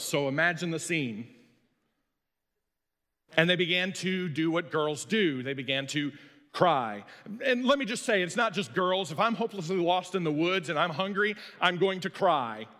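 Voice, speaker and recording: A man's voice: on the high side, fairly bright tone. Folksy preacher man in a reverberant hall. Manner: storytelling, folksy and self-deprecating. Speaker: pastor and high school coach. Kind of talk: sermon.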